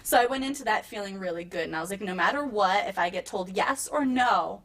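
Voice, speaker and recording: A woman in her thirties, a wrestler, telling her story in a casual interview and acting out quotes with lively jumps in her voice. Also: brisk. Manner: animated, acts out quotes with big pitch jumps. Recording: slightly distant mic, faint room noise.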